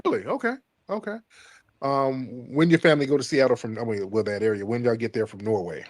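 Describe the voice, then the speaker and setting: A man hosting a livestream call-in show, taunting callers with quick mocking comebacks in casual chat. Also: mid-range voice, no echo. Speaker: livestream host taking callers.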